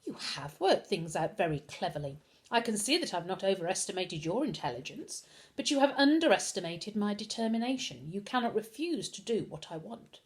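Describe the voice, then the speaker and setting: Woman reading as icy controlling headmaster, storybook villain, clipped orders, lively pitch. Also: fairly quick, close to an everyday voice. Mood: cold.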